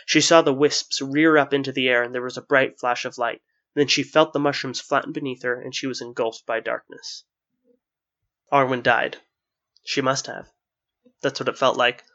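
Male narrator, mid pitch, even storybook reading, lo-fi muffled sound. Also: normal speed.

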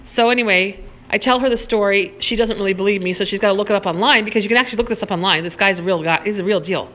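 A woman tells a personal anecdote in a loose, animated way. Her voice is bright and forward, and she peppers her talk with "like" and the odd curse word. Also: mid-range voice, racing. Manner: animated, swears freely, heavy use of "like". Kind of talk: casual anecdote telling.

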